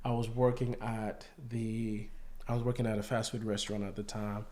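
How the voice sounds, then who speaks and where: A man's voice: lowish voice, level tone, normal speed. A man telling how he met his wife, earnest, and holding back tears as he speaks. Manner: earnest, softens to near-tearful quietness. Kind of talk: casual storytelling.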